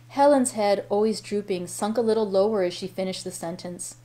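A woman hosts a daily library read-aloud, working through a classic novel chapter by chapter. Her pace is steady and unhurried, with small self-corrections along the way, at an ordinary mid pitch.

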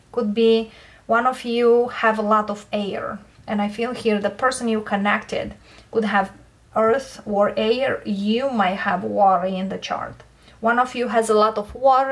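A woman giving a tarot card reading, who often checks in with her listeners and keeps saying what she feels. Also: mid-range voice. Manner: unhurried, checks in with "okay?" and repeats "I feel here". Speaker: tarot reader.

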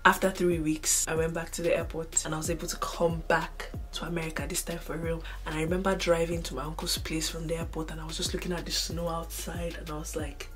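A young woman with a Nigerian accent, telling a personal story casually to camera, animated and shifting between hushed and loud. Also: low-pitched. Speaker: vlogger.

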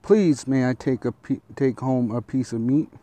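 A man's voice: mid-range voice, moderate pace, dark tone, dry recording, lightly acted. A man voicing a hungry, humble male fox in a storybook, speaking politely and pleading.

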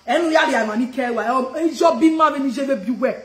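A woman's voice: high voice, fast talker, echoey room. A woman with a Nigerian accent ranting confrontationally on a live stream, repeating her questions and switching languages mid-sentence. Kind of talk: heated live-stream rant.

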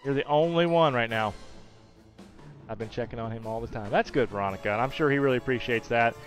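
Talking fast in a mid-range voice, this livestream host games casually while reading viewer comments aloud. He's chatty, responding warmly to his regulars by name. Soft background music plays, and the recording quality is low.

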